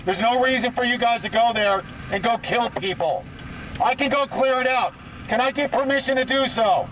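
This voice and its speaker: A man's voice: very high voice, moderate pace. A man insistently asking police to let him speak to someone in charge, frustrated and pleading. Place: outdoors at a checkpoint. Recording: distant outdoor field recording, street noise.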